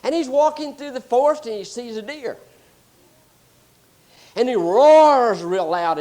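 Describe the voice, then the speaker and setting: A man preaching a sermon, explaining scripture and telling animated stories. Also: high-pitched, moderate pace. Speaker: pastor.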